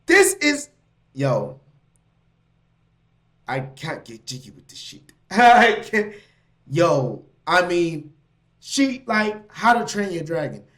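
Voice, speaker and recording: A man hosting a casual reaction stream with a slightly high voice. He riffs in loose slang, laughing as he reacts to what he reads. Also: takes it slowly, long pauses. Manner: animated, laughing, slangy asides. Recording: mic.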